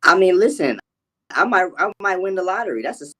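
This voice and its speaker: A man co-hosting a live show. He talks casually and haltingly, restarting his sentences and using loose, relaxed grammar. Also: high-pitched, husky. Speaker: co-host. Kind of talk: casual chat.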